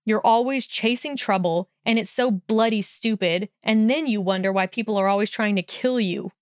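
Woman reading a snide, sneering young guy who swears a lot, smooth and dry sound. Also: medium pitch, moderate pace, no echo, natural voice. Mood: snarling. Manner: snarling, contemptuous, swearing. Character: sneering hostile young man, snide bully.

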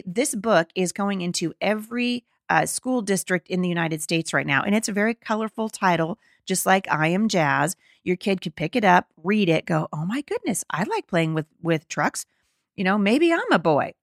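A woman's voice: mid-range voice, gravelly, dry recording, clean studio sound. A middle-aged woman hosting a podcast, reading an article aloud and commenting on it, indignant and emphatic, often stumbling and restarting. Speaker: podcast host.

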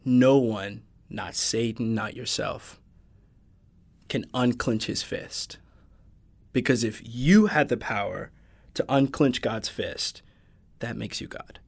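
A man speaks with a gravelly, creaky edge at an ordinary pitch. He talks earnestly in a relaxed podcast conversation, working through scripture passages as he goes. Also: takes it slowly, pauses often. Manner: earnest, quotes scripture at length. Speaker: podcast guest. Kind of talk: casual faith discussion.

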